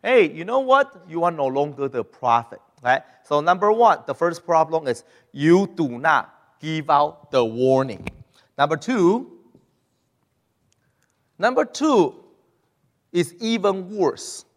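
High-voiced man preaching in a reverberant hall. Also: slow, long pauses. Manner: animated, acts out quoted voices, non-native grammar. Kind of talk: sermon.

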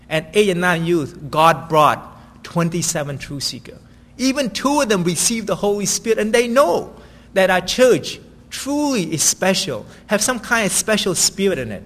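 A man's voice: high-pitched, fairly bright tone, long reverb tail. A man preaching a sermon in a conversational way, often asking "right?" as he tells stories.

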